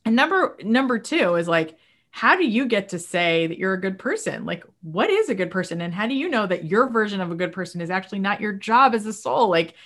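A woman talking as a guest on a podcast, animated and emotional, acting out quoted voices as she speaks. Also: medium pitch, a little fast. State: moved to tears at times. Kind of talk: casual podcast conversation.

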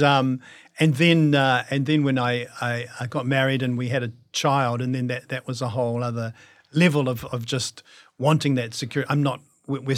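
A middle-aged man with a New Zealand accent, a guest actor reflecting in a casual interview and often restarting his sentences. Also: medium pitch. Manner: reflective, self-deprecating, many restarts.

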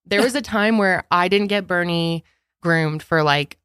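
A woman's voice: lowish voice, unhurried, a bit bright, smooth, no echo. A young woman co-hosting a podcast, chatting casually and expressively and swearing now and then. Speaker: podcast co-host. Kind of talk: casual chat.

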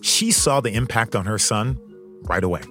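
A man hosting a podcast, giving measured, earnest scripted narration. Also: lowish voice, a bit bright, faint music behind. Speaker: podcast host.

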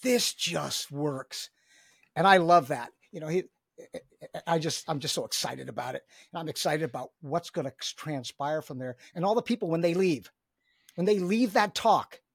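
An excited middle-aged coach talks in an emphatic, repeating way. His voice sits a bit high and sounds husky. The close recording is dry with no room sound. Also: normal speed, no room sound. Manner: enthusiastic, emphatic, repeats words. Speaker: guest, business coach. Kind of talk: energetic podcast conversation.

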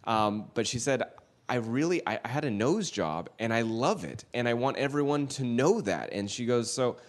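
A man's voice: mid-range voice, expressive, moderate pace. A man co-hosting a podcast, chatting casually about celebrity news, swearing now and then. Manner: chatty, swears casually, reads statements aloud. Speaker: podcast co-host.

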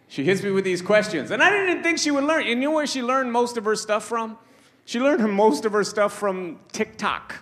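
A man's voice: high voice, unhurried, noisy background. A middle-aged man doing stand-up, telling stories with acted-out quotes on a comedy club stage. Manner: animated storytelling with acted-out quotes. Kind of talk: stand-up set.

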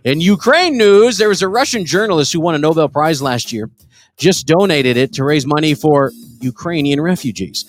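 Brief: lively male podcast co-host, profane and jokey, somewhat high voice. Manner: crude, joking, animated, quick to laugh. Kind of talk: casual comedy podcast banter.

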